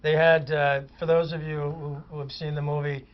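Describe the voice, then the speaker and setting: Animated comic actor spinning a story. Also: male voice, fairly high pitch, moderate pace. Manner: animated raconteur, vivid descriptive detail. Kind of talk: anecdotal storytelling in a chat-show interview. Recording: muffled lo-fi audio.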